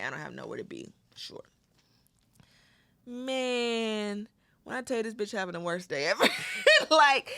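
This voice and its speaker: A woman's voice: fairly low pitch, no echo. A woman co-hosting a comedy podcast, casually retelling a movie plot with lots of cursing and acted-out quotes. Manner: animated, profane storytelling with acted quotes. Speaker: podcast co-host.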